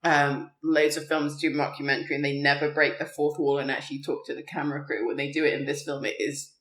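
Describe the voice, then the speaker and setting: A woman's voice: sits low, quick pace. A woman co-hosting a podcast, chatting casually about films and laughing often. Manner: chatty, animated, laughs often, many fillers. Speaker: podcast co-host. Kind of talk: casual film chat. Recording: roomy echo.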